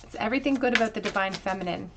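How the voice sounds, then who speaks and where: A woman's voice: mid-range voice, rapid-fire, background noise. A woman giving a pick-a-card tarot reading to her viewers, earnest and reflective, drawing out key phrases for emphasis. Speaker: tarot reader.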